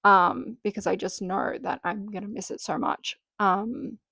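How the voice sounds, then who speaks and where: A woman's voice: mid-range voice, fairly even intonation, unhurried, vocal fry, pushed and bright, husky, no echo. A young Australian woman hosting a casual solo podcast, chatting with lots of "um" and "like" fillers and casual swearing. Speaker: podcast host.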